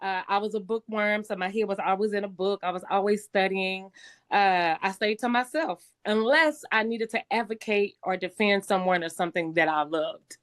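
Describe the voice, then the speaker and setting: A middle-aged woman with a slightly raspy voice, telling her life story as a guest speaker in a conversational way, with many fillers and restarts. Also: mid-range voice, moderate pace. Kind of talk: personal testimony talk.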